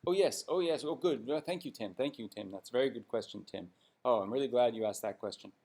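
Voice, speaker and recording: A man's voice: medium pitch, quick pace, a little mellow, lightly acted. A man putting on a mocking voice of a fawning, nervous male hockey executive who is eager to please. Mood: gushing.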